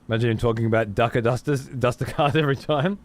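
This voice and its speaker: A let's play streamer with a medium-pitched voice talks fast through casual gameplay commentary. He chats loosely, swears freely, and answers his chat.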